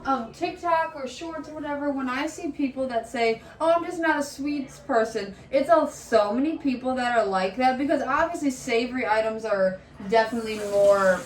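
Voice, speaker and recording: A woman's voice: sits high, moderate pace, hardly any pauses. A woman co-hosting a home snack vlog, chatting eagerly while eating. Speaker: vlogger co-host. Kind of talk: casual chat while eating. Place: home, indoors. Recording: echoey room.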